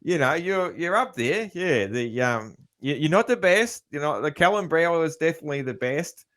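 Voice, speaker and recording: A man's voice: fairly high pitch, lively intonation, normal speed, a bit bright. A laid-back male podcast host with a broad Australian accent. He chats easily and keeps dropping "man" and "cheers" as he wraps up the interview. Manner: laid-back, friendly, calls guest man. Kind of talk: casual interview chat.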